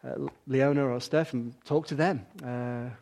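A man's voice: mid-range voice, fairly even intonation, measured pace, gravelly, darkish tone. An older man preaching a sermon in an earnest way, with repeated emphasis. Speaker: pastor.

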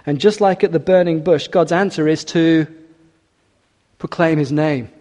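A man's voice: on the high side, a little slow. Man preaching in an echoing hall. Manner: expressive, rising for emphasis, drops quiet for scripture. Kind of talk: sermon.

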